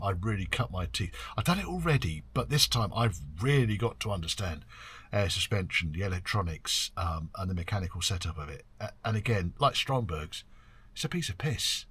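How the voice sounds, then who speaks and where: A man's voice: lowish voice, sharp tone, breathy edge. An older man, rambling casually about his year of classic car work as host of his channel. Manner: rambling, chatty, mild swearing, frequent ums. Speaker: classic car workshop owner and video host. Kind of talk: casual year-end chat to camera.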